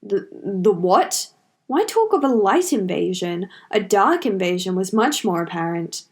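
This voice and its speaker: A woman's voice: mid-range voice, sing-song, unhurried. Young male rancher captive, read by a woman, flustered, stammering, fanfiction audiobook. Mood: confused. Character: young male goat herder, bewildered captive.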